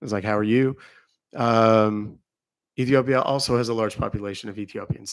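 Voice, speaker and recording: Middle-aged male host, low fry-edged voice, dry close sound, chatty livestream rambler. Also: little pitch movement, moderate pace, dry recording. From Texas. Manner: rambling, chatty, answering viewer comments. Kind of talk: casual livestream chat.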